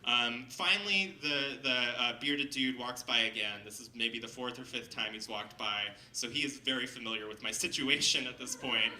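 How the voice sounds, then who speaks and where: A man telling a funny personal story on stage to a live audience, lively and laughing as he goes, acting out the people he quotes. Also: medium pitch, normal speed, hardly any pauses, reverberant, distant mic, poor audio. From Seattle. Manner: animated, laughing, acts out quoted voices.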